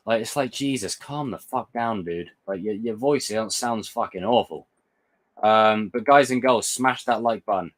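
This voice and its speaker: Excitable guy, lowish voice. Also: unhurried. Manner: excitable, swears and stumbles, answers viewer comments. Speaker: livestream host reviewing a TV episode. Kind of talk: casual live reaction chat.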